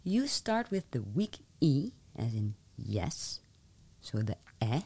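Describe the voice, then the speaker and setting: Woman, very deep voice, slow, patient language teacher and host. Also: very animated, vocal fry, dark tone, slightly rough. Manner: patient, explanatory. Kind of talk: interview and pronunciation lesson.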